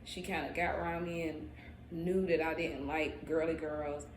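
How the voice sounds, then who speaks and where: Animated slangy young woman storyteller. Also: low voice, normal speed, slight background noise. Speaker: vlogger. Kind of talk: casual storytime. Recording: roomy echo, faint ambience.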